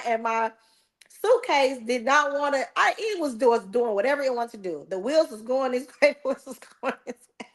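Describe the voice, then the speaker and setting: A middle-aged woman hosting a podcast, retelling a travel mishap in a casual, animated and exasperated way, with laughs. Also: a little high, brisk. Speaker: podcast host. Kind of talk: casual storytelling.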